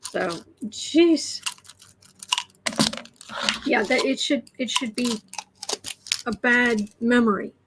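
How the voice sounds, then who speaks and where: Woman, tarot livestream host, slightly high voice, rambling chatty delivery, faint background noise. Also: very slow, pauses often. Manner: chatty, frequent restarts and repeated words. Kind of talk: casual livestream chat, reading out viewer comments.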